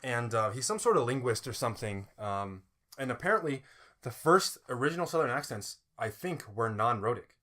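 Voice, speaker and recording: A man from Indiana co-hosting a podcast, explaining things in a relaxed, rambling way with fillers and restarts. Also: medium pitch, normal speed. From Indiana, US Midwest. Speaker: podcast co-host. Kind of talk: casual chat.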